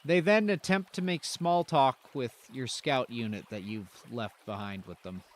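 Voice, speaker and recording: A man from Canada narrating a role-play stream as game master, laid-back and unhurried. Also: mid-range voice.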